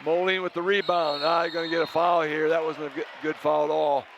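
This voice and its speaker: A man doing play-by-play commentary for a high school basketball game, calling plays in short, brisk bursts. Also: level tone, vocal fry, muffled recording, noisy background. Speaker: play-by-play announcer.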